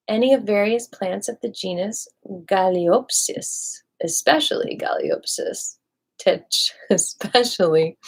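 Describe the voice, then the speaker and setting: A woman hosts a live video where she reads dictionary entries aloud at an unhurried, deliberate pace. She muses playfully to her viewers between entries and now and then drops to a soft whisper. Her voice sits at an everyday middle pitch. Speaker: livestream host reading a dictionary aloud. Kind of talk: live dictionary reading with chatty asides to viewers.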